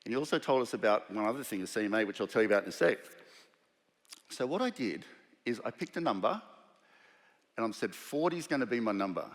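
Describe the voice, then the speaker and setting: A man's voice: lowish voice, lively intonation, quick pace, long pauses. A man with an Australian accent telling a personal story to a live audience, acting out the voices of the people in it. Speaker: keynote speaker. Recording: long hall reverb.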